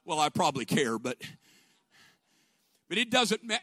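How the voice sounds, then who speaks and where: A man preaching a sermon, moving from quiet storytelling to shouted exhortation. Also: fairly high pitch, sing-song, fairly quick, long pauses, no room sound. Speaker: pastor.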